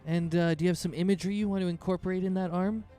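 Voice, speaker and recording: A man's voice: high voice, fairly even intonation, rapid-fire, dark tone, soft background music, pitched above the performer's own voice, natural voice. A man voicing a friendly female orc tattoo artist who talks in an easygoing, businesslike way. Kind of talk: tabletop role-play voicing.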